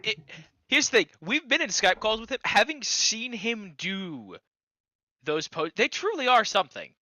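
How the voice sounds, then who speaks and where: A co-host in casual stream chat, eager and teasing, jumping in with excited suggestions. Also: medium pitch, unhurried, no echo, rough recording.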